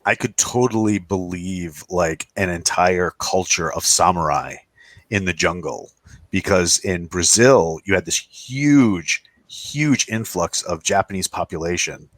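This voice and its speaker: A man with a very low voice chats casually as a co-host, wandering through anecdotes with plenty of restarts. The sound is close and dry, with no room around it. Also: measured pace, fairly bright tone, dry recording. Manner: rambling storyteller, acts out quoted voices. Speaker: podcast co-host. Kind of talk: casual roundtable chat.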